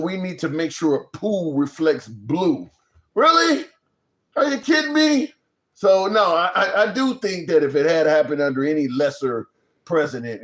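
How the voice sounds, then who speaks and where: A man hosting a live political stream, reading chat comments and reacting bluntly, incredulous and swearing freely. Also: fairly high pitch. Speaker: political talk stream host.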